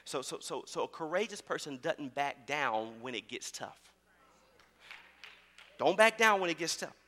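A middle-aged man pastor preaching a sermon, swinging from easy conversational storytelling to shouted preaching. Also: a little high, big pitch swings, a little slow, big-room sound. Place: church sanctuary.

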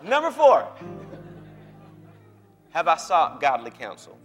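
A male pastor with a high, bright voice preaches to his congregation in an easy conversational way, speaking. He keeps checking in with his listeners, and his words ring out through a reverberant church hall. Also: lively intonation, moderate pace, soft background music. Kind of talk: conversational sermon.

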